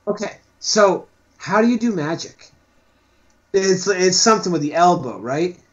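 A man's voice: high-pitched, lively intonation, measured pace, muffled recording, a little hiss or hum. A man playing a tabletop game, joking playfully. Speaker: player. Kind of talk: casual tabletop play.

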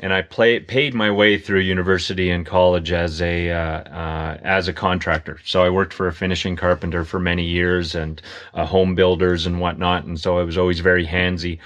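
Male guest, lowish voice, self-deprecating rambler. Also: flat delivery, moderate pace, fairly bright tone. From Canada. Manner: self-mocking, rambling storyteller. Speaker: podcast guest. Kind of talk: casual chat.

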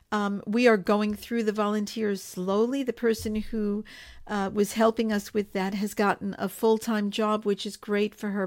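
Earnest woman making a plea. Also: mid-range voice. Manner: earnest, pleading, repeats phrases for emphasis. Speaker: organization spokesperson hosting a live broadcast. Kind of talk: impassioned direct-to-camera appeal.

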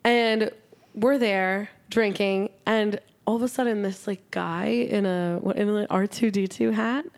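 Young woman, podcast co-host, chatty excited storyteller who swears freely, mid-range voice. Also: mid-range voice, unhurried, vocal fry. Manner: excited storytelling, heavy "like" filler, frequent swearing. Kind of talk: casual podcast chat. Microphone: studio podcast mic.

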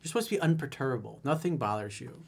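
A dating coach talks straight to his listeners in a blunt, emphatic, conversational way. This man has a mid-range pitch and reads out messages before picking them apart. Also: lively intonation, fast, gravelly, slightly rough. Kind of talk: solo advice monologue.

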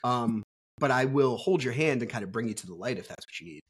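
Blunt, profane man with a husky voice. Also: medium pitch, expressive, quick pace. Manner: blunt, profane, candid storyteller. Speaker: podcast guest. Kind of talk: casual conversational interview.

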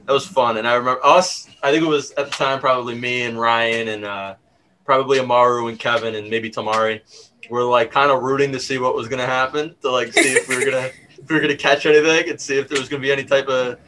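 A young man in his twenties hosting a casual chat, halting with fillers and laughing easily. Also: medium pitch, fairly even intonation, sharp tone, a little hiss or hum, low-quality recording. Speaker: host.

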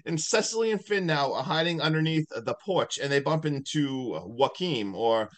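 A man hosting a podcast, casually recapping a movie in a rambling, animated way full of "like". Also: on the high side, normal speed. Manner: rambling, animated retelling with many likes. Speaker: podcast host.

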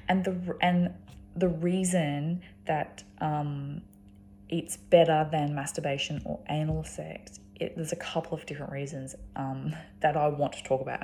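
A woman's voice: sits low, steady tone, normal speed, creaky, dark tone. An Australian woman talking casually and rambling, with lots of ums and restarts. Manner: frequent ums and restarts, chatty. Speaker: vlogger.

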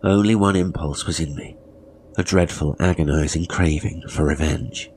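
Deep-voiced man reading a horror tale. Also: a little mellow, a little hiss or hum. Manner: measured, grave, dropping to whispers. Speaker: narrator. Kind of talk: dramatic horror story reading.

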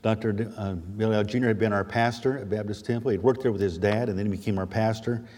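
A man's voice: fairly low pitch, fairly even intonation, fast, darkish tone. A man in his fifties preaching a sermon as a guest preacher, talking in a folksy, chatty way with self-deprecating asides. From Missouri, USA. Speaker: guest preacher and history teacher. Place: church sanctuary. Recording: long church reverb.

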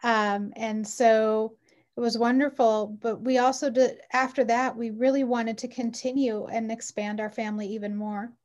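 A woman's voice: on the high side, flat delivery, moderate pace, a little mellow. A woman in her forties, an interview guest telling her personal story in an earnest, heartfelt way with frequent ums. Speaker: mother.

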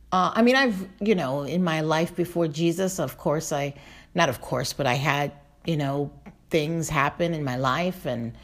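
A middle-aged woman with a lowish voice delivers a heartfelt devotional sermon. She is emphatic and emotional, slowing down on the key phrases.

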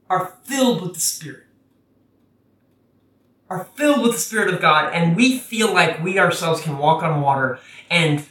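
A preacher giving a casual, conversational sermon that gets animated when quoting scripture. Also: medium pitch, slight background noise. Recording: roomy, from a distance.

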